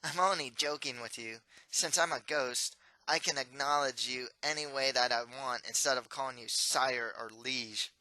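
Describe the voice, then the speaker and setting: A legless young ghost needles everyone in a nasal, sarcastic drawl, his bright, dry voice full of mockery, as a man reading his own storybook puts him on. He teases rather than threatens. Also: medium pitch, normal speed, no echo, low-quality recording. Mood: sarcastic teasing. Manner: teasing, sarcastic.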